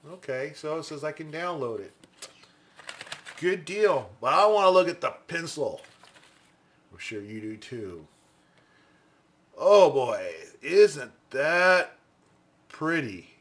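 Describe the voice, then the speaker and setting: A man's voice: a little high, expressive, slow pace, long pauses, a bit bright. A man giving casual, enthusiastic unboxing commentary on a pencil, chatting and thinking aloud as he goes. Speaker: pencil reviewer.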